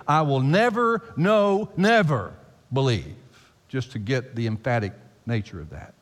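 Animated preaching man in reverberant hall. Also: on the high side. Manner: animated, emphatic preaching with repeated phrases. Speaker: pastor. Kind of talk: sermon.

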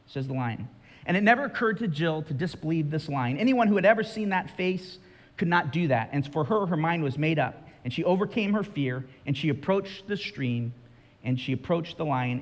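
A man's voice: a little high, lively intonation, moderate pace, a bit bright. A male pastor preaching a sermon, telling a story with drama and speaking directly to his listeners. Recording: reverberant hall.

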